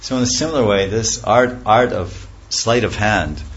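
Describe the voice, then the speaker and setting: A man telling a scripture story as a lecture, animated, acting out characters' voices and laughing often. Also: lowish voice, moderate pace, slightly rough. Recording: dull lo-fi recording with faint ambience.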